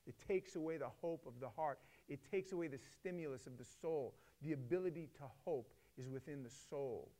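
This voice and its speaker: A middle-aged man telling a story to a co-host with passion, swinging between loud emphatic bursts and hushed, quiet stretches. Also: on the high side, a little fast, hardly any pauses.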